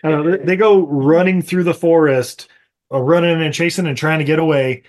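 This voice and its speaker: Guy on a podcast riffing loosely, slightly high voice, swears a lot, lots of uh and like. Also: steady tone, normal speed. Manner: rambling, profane, full of fillers and laughs. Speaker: podcast co-host. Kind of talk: casual movie recap chat.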